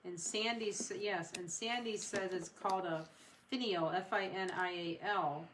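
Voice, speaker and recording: A woman's voice: fairly low pitch, very noisy. A woman co-hosting a live online craft class, reading viewer comments aloud. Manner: relays viewer comments aloud, quick and bright.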